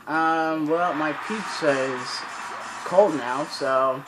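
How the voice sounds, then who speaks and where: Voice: medium pitch, takes it slowly, over music, poor audio. A teenager hosting a let's play, commentating while playing and breaking into frustrated, swearing rants. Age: teens. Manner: swearing, ranting frustrated outbursts. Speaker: gaming channel host.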